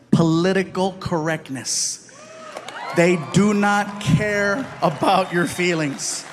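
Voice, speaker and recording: A man doing stand-up, telling stories in an animated way and acting out characters. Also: high-pitched. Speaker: stand-up comedian. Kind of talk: stand-up storytelling.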